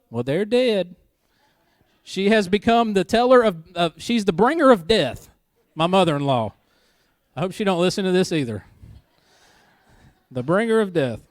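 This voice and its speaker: A man's voice: high voice, dry recording, clean studio sound. A married man preaching a church sermon in a conversational way, with joking asides and key lines repeated for emphasis. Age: adult, married. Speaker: pastor. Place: church service.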